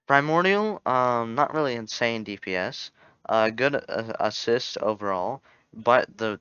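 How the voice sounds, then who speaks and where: A man's voice: on the low side, bright, forceful tone, smooth, no echo. A young man giving casual, rambling commentary on a game tier list, often correcting himself and joking. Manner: rambling, self-correcting, jokey. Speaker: gaming YouTuber. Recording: dull lo-fi home mic.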